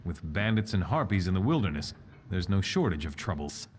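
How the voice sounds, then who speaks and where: A man voicing a townsman in a fantasy video game, giving warnings about local dangers in a measured, grave way. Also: low voice, sing-song, a little mellow, a little hiss or hum.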